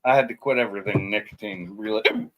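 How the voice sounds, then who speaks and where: A man's voice: fairly low pitch, fast talker, a bit bright, a little hiss or hum, rough recording. A man hosting a stream, chatting casually with the hiccups and swearing freely when they won't stop. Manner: swears freely, easily irritated. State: has the hiccups. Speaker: stream host. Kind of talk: casual chat.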